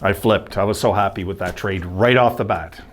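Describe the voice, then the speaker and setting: Speaking at a moderate pace in a low voice, a man hosts a casual solo hockey video. His talk is rambling and chatty, and he keeps correcting himself and wandering into asides.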